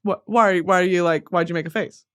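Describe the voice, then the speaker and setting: A woman in her twenties hosting a podcast, telling a comedic story in a self-mocking, animated way, jumping between loud bursts and low mutters. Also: a little fast, clear, resonant tone. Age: 20s. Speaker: podcast host.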